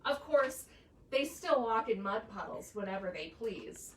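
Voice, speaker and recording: A high-voiced woman reads a children's story with lively, swooping intonation and an unhurried pace. She sounds playful and animated, picked up from some distance in an echoey room with faint background noise. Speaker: church staff member reading to children. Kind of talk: children's story read-aloud.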